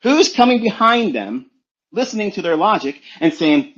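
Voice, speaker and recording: A trading mentor, a man, delivers a forceful, preachy motivational rant laced with profanity and rhetorical questions. His voice sits a little high for a man. The recording sounds dull and lo-fi. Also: sing-song, normal speed.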